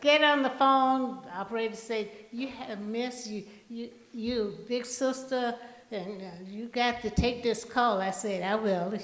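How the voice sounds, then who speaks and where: An older woman tells stories at a memorial tribute, her pace very slow and deliberate. Her voice is fairly high, and it rings out through a large, echoey hall with a long reverb. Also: fairly even intonation, a little hiss or hum. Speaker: eulogy speaker.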